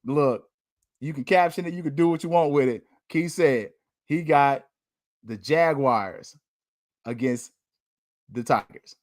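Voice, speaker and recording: A man's voice: fairly high pitch, unhurried, long pauses, no room sound, clean studio sound. A young man, hosting a casual sports podcast and making joking, trash-talking predictions. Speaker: podcast host.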